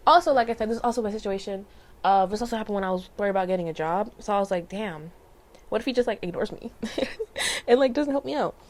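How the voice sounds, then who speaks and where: A woman's voice: medium pitch, fast. A young adult woman telling a personal story in a casual vlog, rambling with lots of fillers, restarts and small laughs. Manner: rambling, filler-heavy, frequent self-corrections and laughs. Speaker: vlogger.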